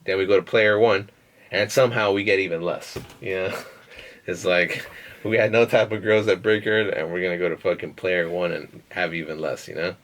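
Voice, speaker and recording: A man's voice: deep voice, fairly even intonation, moderate pace, fairly bright tone. A young man, a podcast guest, telling a rambling, profane story in casual chat and laughing between phrases.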